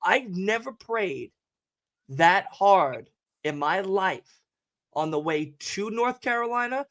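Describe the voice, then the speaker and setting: A young man co-hosting a livestream, telling a story in animated casual chat and swearing often. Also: high-pitched, takes it slowly. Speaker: livestream co-host.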